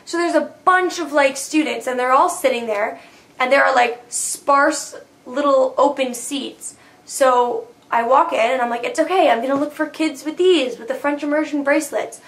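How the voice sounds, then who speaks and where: A young woman with a high, bright voice rambles through a personal vlog story. She talks in a chatty, filler-heavy way and keeps slipping into quoted versions of her own anxious thoughts. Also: normal speed. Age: young adult. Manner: chatty, lots of "like" fillers, acts out her own inner panic. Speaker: university freshman vlogger.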